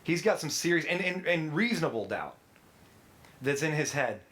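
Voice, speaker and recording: Young male pastor with a slightly high voice, giving a casual, story-driven sermon. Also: big pitch swings, moderate pace, a bit bright.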